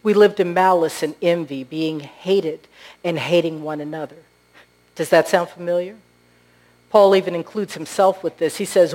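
A woman preaching a sermon with a somewhat low voice. She speaks earnestly and tells stories, pausing on rhetorical questions. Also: a little mellow, rough recording.

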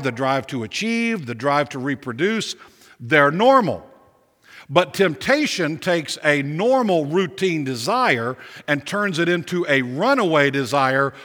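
A man's voice: on the high side, sharp tone. A male pastor preaching a sermon with emphatic repetition and rhetorical questions. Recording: long reverb of a big hall.

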